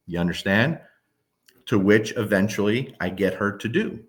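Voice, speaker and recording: Emphatic low-voiced dog trainer. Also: male voice, lively intonation, normal speed. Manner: emphatic, keeps checking in with the listener. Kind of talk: casual talk to camera.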